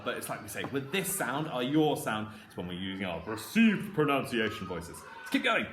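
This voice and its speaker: A young male primary school teacher with a British accent, giving a phonics lesson to camera and slowly sounding out words in an encouraging way. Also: medium pitch, sing-song, a bit bright, a little hiss or hum. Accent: British English. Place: classroom. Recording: echoey classroom.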